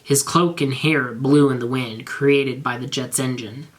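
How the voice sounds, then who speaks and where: A man reads fan fiction aloud in a flat, matter-of-fact way, letting the absurd lines land without comment. The pitch is mid-range and the pacing is steady. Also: unhurried.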